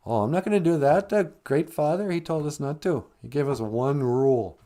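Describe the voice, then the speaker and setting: A man's voice: fairly high pitch, normal speed, warm tone, pitched above the performer's own voice, lightly acted. A man voicing a prim, self-assured woman in a comic story, raising his voice a little and sounding sassy.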